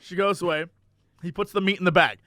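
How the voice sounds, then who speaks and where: A man's voice: sits high, steady tone, quick pace, pushed and bright. A man co-hosting a podcast, animatedly telling a funny anecdote, acting out voices and laughing as he goes. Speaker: podcast co-host. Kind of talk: casual storytelling chat.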